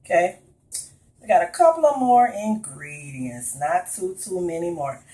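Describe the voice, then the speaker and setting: A cooking vlogger with a New Orleans accent walks through a recipe in her home kitchen, chatting directly with her viewers in a casual video. Her voice is fairly low and mellow, her intonation lively, and she speaks a little slowly on a rough recording.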